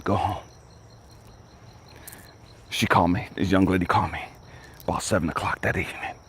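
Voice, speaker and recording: A man, a life coach, telling a personal story dramatically, jumping from excited high bursts to hushed, whispery lows and urging listeners to stay with him. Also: normal speed, a little hiss or hum. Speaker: life coach and motivational speaker.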